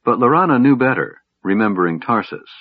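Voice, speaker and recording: A man narrating a fantasy story in a measured, dramatic reading, in a dull lo-fi recording. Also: mid-range voice, lively intonation, no room sound. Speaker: audiobook narrator.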